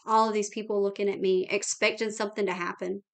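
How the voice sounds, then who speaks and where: A woman's voice: medium pitch, level tone, fast talker, natural voice. A woman reading the lines of a young female singer describing a surreal moment. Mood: awed.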